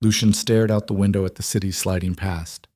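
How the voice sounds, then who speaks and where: A man reading a mafia drama as scripted narration, measured and even. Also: low voice, dry recording, studio quality.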